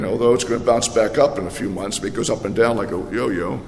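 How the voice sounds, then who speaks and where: A man preaching a sermon as a pastor, animated and full of rhetorical questions and repetition. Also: mid-range voice, a little fast, few pauses. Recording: echoey hall with long reverb.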